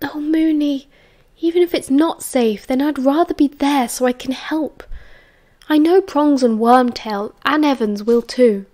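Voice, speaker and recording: A woman with a British accent voicing a caring young man who speaks gently, sometimes in a hush. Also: high voice, measured pace, voice pushed up. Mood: coaxing. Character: caring, teasing young man, protective friend.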